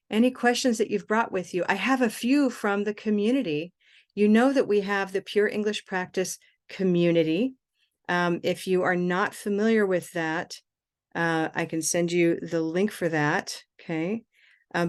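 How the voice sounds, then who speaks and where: A woman pronunciation teacher leads a live online class in an upbeat, encouraging voice, heard through a computer mic on a video call. She models syllable rhythm in clear repeated chants and laughs easily between her prompts. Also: mid-range voice.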